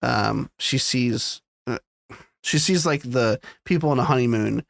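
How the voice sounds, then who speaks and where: A man's voice: mid-range voice, unhurried, vocal fry, no room sound. A man co-hosting a podcast, chatting casually and animatedly retelling scenes with plenty of swearing. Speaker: podcast co-host. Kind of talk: casual chat.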